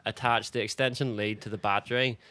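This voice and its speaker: A man with a Northern Irish accent co-hosting a podcast, telling lively stories in casual chat. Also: fairly low pitch, brisk, dry recording. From Northern Ireland. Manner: lively anecdotes with quoted voices, laughing. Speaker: podcast co-host.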